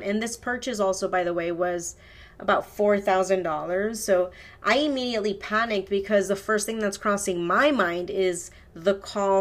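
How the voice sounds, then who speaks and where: Rambling, swearing woman podcast host. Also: mid-range voice. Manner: rambling, profane, self-correcting. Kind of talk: casual storytelling monologue.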